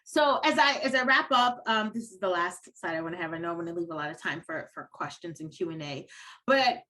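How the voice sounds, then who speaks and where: A woman giving an academic lecture over a video call, animated, laughing often and paraphrasing historical figures aloud. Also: lowish voice, a little fast. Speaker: guest lecturer. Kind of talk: academic lecture at a virtual event. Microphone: computer mic on a video call.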